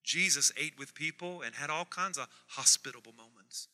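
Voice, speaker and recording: Pastor guy preaching in a church, bright ringing voice, quiet asides then big loud repeats. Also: on the high side, normal speed. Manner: swings from soft asides to loud emphatic repetition. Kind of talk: sermon. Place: church sanctuary. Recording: reverberant church hall.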